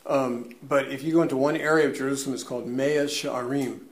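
A man in ministry shares his testimony in an earnest, reflective and measured way. His voice sits at a middle pitch. A roomy echo surrounds it. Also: fairly even intonation. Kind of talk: personal testimony.

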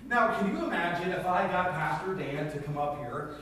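A male preacher with a fairly high voice delivers an animated, conversational sermon and acts out scenes in different voices. He sits well back from the mic in a very echoey church hall, and faint noise hangs under his words. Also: normal speed, far from the mic. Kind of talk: sermon with storytelling.

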